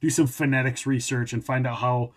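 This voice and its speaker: A man hosts a casual podcast conversation. His voice sits at an ordinary middle pitch. He keeps things light, jumping in with short jokey remarks and easy laughter. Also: steady tone, a little fast. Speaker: podcast host. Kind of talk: casual chat.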